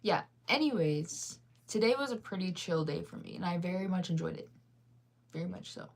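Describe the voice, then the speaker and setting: A woman's voice: lowish voice, lively intonation, normal speed, creaky. A sleepy, yawning woman hosting a casual livestream, chatting in a rambling, giggly way as she answers viewers' comments. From United States. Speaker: livestream host.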